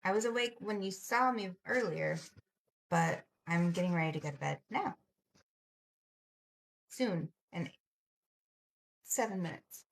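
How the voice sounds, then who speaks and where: A woman's voice: fairly low pitch, expressive, unhurried, vocal fry, pauses often. A woman hosting a casual late-night live stream, chatting with viewers and answering their comments, laughing often. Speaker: livestream host.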